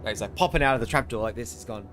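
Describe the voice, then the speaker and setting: A man's voice: medium pitch, rapid-fire, fairly bright tone, faint music behind. A man streaming a strategy game, chatting casually and wryly with chat, laughing often. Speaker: gaming streamer. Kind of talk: casual let's-play commentary.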